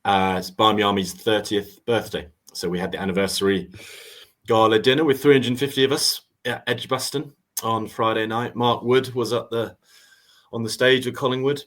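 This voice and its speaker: A man's voice: fairly low pitch, steady tone, normal speed, a bit bright. A man from Oxford co-hosting a football fan podcast, chatting casually with lots of fillers. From Oxford, England. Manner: enthusiastic, rambling with fillers. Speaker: podcast co-host. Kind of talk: casual chat.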